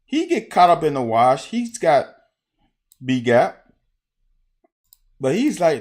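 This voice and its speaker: Animated man breaking down football film. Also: on the high side. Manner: animated storytelling, profane, quick laughs. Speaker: football analyst. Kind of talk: casual film-breakdown talk.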